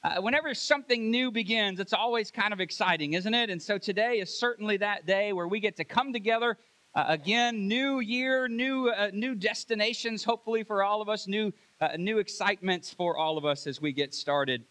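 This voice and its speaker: Man, preacher, folksy sermon, high voice, bright tone. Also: fairly quick. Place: church sanctuary.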